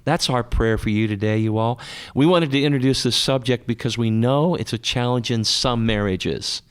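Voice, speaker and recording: A man's voice: medium pitch, normal speed, clean tone. A man hosting a radio interview, steering the conversation and closing with a prayer for listeners. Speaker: radio host.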